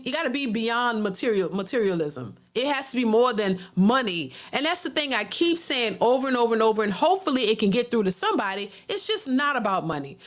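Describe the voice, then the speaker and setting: A middle-aged woman hosting a livestream, reading viewer super chats and giving casual, talkative commentary that often repeats words. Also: on the high side. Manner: chatty, repeats words, mimics others in a mocking voice.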